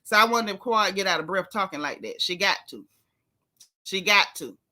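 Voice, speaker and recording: A woman's voice: mid-range voice, lively intonation, normal speed, sharp tone. A woman hosting a gossip vlog in casual chat, reading viewer comments aloud and answering them with sassy, blunt, teasing remarks.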